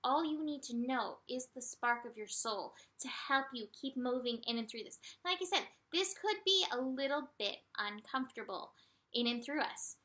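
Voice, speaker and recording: Bright-voiced woman giving a gentle forecast. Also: high-pitched, normal speed. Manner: gentle, soothing, with bright animated asides; breaks into light laughs. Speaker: astrology and tarot reader. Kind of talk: casual spiritual forecast.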